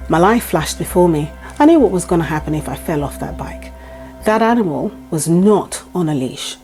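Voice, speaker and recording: A woman speaks straight to her viewers in a warm, mellow voice, recounting her own experience. She is emphatic and repeats key points for stress. Faint music runs quietly beneath her voice. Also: on the low side, animated, moderate pace. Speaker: vlogger. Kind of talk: personal storytelling to camera.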